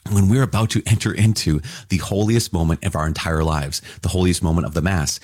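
Deep husky Catholic teacher marveling. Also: male voice, a little fast, no room sound, clean studio sound. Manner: excited and marveling, with casual asides. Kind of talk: enthusiastic scripture reflection.

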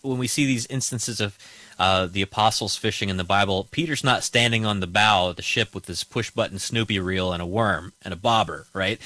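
A man's voice: fairly low pitch, pushed and bright, no echo. A man hosting a radio interview in a conversational, folksy way. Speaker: host.

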